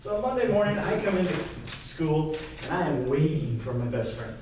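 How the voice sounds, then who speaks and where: A man from Kentucky giving a lively storytelling pitch to a live audience, acting out the dialogue as he goes. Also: a little fast, background noise. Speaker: entrepreneur presenter. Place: live event room, indoors. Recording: echoey room, mic far off.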